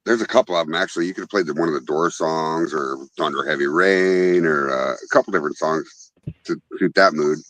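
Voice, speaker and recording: Profane storytelling host, dry sound. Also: male voice, very deep voice, brisk, a bit bright, no room sound, rough recording. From Wyoming. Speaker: podcast host. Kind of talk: casual chat.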